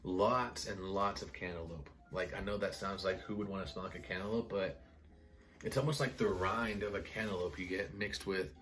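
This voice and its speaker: A man casually reviewing perfumes in a vlog, excitable and rambling, full of "like" and "guys". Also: deep voice, moderate pace. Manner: excitable, enthusiastic, rambling with many "like"s. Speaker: fragrance reviewer.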